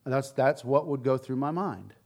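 A man preaching a sermon, telling the story in a candid, conversational way with frank asides, swinging between loud emphasis and quiet, low remarks. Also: lively intonation, normal speed.

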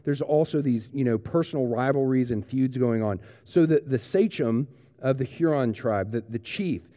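A man preaching a sermon as pastor, retelling a story earnestly and then moving into a quiet prayer. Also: medium pitch, normal speed, in a large hall.

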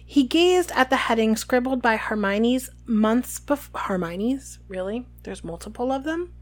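An animated woman co-hosting a casual book podcast, reading passages aloud. Her voice is fairly high and very lively in pitch, and she shrugs off her slips with humor. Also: unhurried. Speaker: podcast co-host.

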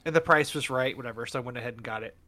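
A man's voice: mid-range voice, racing. A man co-hosting a casual chat, telling stories and acting out what others said. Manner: animated storyteller, acts out quoted dialogue. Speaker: podcast co-host.

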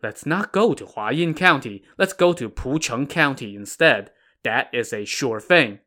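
Cautious bandit guy, man reading him, earnest, lively pitch. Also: a little slow. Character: cautious wary male bandit chief.

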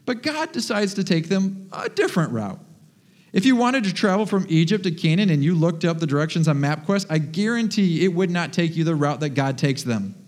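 An animated male pastor delivers a sermon in a church, lively and full of humor. His fairly high voice carries a long reverb from the large hall. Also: brisk.

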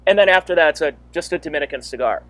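A man's voice: a little high, animated, racing, pushed and bright. A man hosting a casual podcast interview, talking in an easygoing, chatty way. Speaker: podcast host.

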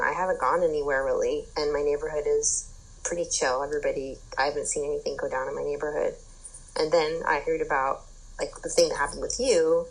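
A young woman with a husky, slightly low voice tells a story in relaxed chat. She talks animatedly, full of "like" and "um", and she swears freely. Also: poor audio. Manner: animated storytelling, frequent fillers, swearing, laughing. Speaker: guest telling a story. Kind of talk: casual chat.

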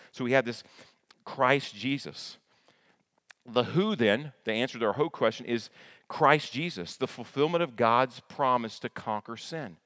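A man's voice: mid-range voice, a bit bright. A male pastor preaching a sermon in a conversational way, repeating his words as he goes and asking the congregation questions. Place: church sanctuary. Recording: long hall reverb.

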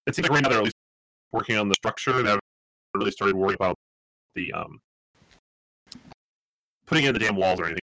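Rambling low-voiced man running a game. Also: fast talker, pauses often, pushed and bright, dry recording, poor audio. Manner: rambling, many fillers and restarts, laughs often. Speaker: game master. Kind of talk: narrating a tabletop game.

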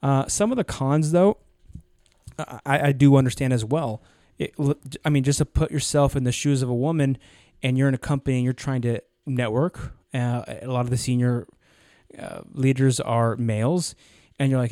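A man's voice: mid-range voice, normal speed, dark tone, dry recording, studio quality. A young man co-hosting a casual podcast, rambling through a story and acting out the people in it. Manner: rambling, acts out quoted people in anecdotes. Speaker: podcast co-host.

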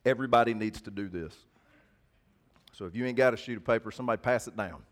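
A man's voice: fairly low pitch, fast. Middle-aged man, folksy pastor addressing his flock in a sermon. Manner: folksy, talks to congregation directly. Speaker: preacher.

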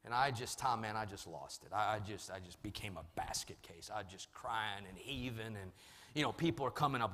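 A man preaching a sermon, telling a personal story and moving between quiet and loud passages. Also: medium pitch, slight background noise. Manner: storytelling, swings from soft to loud. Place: large church hall. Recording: long hall reverb.

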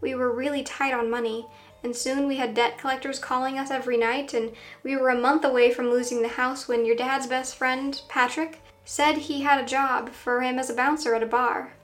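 A woman's voice: sits high, flat delivery, normal speed, faint music behind. A woman voicing a worried middle-aged mother whose talk turns serious and confessional. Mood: grave. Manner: soft, then serious and confessional.

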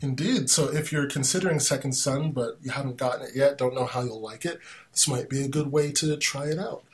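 A man at a mid-range pitch hosts a relaxed gaming podcast. He is chatty, moves the talk along briskly and reads out news items between questions for his co-hosts. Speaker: podcast host. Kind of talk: casual gaming podcast chat.

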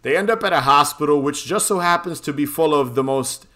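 A man's voice: a little high, a little fast, bright, forceful tone. A man casually recapping a film plot on a podcast, rambling, swearing and laughing often. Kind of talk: casual chat.

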